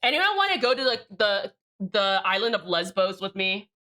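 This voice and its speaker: A woman's voice: mid-range voice, big pitch swings, normal speed, pushed and bright. A woman live streamer chatting casually with her chat, joking and swearing, with rambling restarts. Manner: profane, joking, reads out chat names.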